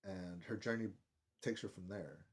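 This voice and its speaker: Low-voiced man rambling casually. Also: measured pace. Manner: rambling, profane, heavy use of "like". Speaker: film reviewer. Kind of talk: casual spoken film review.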